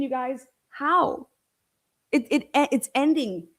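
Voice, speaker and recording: A woman's voice: fairly high pitch, normal speed. A woman host giving heated, profane commentary on a court ruling, exasperated and ranting in outbursts of disbelief. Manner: animated, rising into outbursts of disbelief. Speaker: show host and legal commentator.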